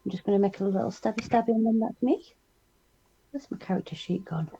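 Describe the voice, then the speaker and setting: A woman's voice: medium pitch, fast talker, mellow, slightly rough. A woman playing a tabletop game who describes her turn in a breezy, playful way. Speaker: player. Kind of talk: casual tabletop play. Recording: dull lo-fi mic.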